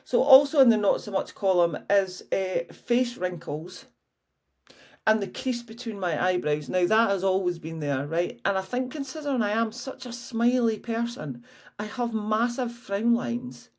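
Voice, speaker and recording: A woman's voice: mid-range voice, expressive, measured pace, a little mellow. A woman in her early fifties, a fitness coach chatting frankly and casually on her own podcast, swearing freely. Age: 50s. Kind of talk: casual solo podcast chat.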